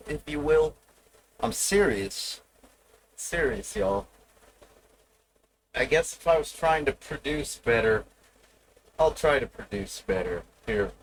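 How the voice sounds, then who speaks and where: A man's voice: medium pitch, a little hiss or hum, rough recording. A man streaming live, rambling and profane as he teases his viewers. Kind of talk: casual live stream chat.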